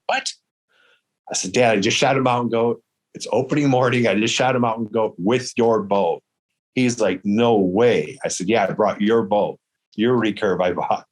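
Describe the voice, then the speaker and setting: A man from Michigan, telling a hunting story in casual chat, acting out the dialogue with lively quotes. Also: fairly low pitch. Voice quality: hard of hearing in one ear. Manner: animated, quotes dialogue in raised voice. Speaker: guest storyteller.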